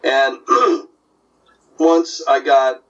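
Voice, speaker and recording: Captured from afar on a muffled recording, this older comic artist has a mid-range voice and draws out his words. He spins casual stories with lots of energy, slipping into different voices for the people he describes.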